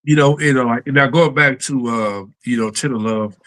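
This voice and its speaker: A man's voice: mid-range voice, normal speed, fairly bright tone. Laid-back male talk show host. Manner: laid-back, reacts with short exclamations and laughter. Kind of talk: casual interview chat.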